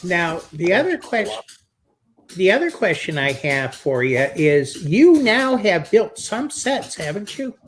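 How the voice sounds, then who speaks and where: Man, slow talker, casual chat, curious. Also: sits high, sing-song.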